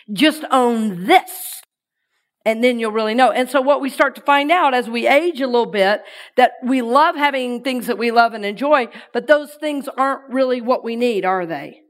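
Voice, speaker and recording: A woman minister giving a sermon to her congregation, lively and playful, inviting listeners to repeat her lines. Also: a little high, a little fast.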